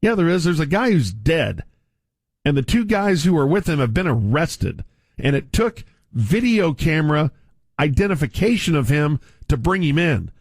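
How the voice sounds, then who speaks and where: A man's voice: fairly high pitch, sing-song, moderate pace, dry recording. A middle-aged man, a sports radio host delivering a furious, sarcastic rant from a studio microphone.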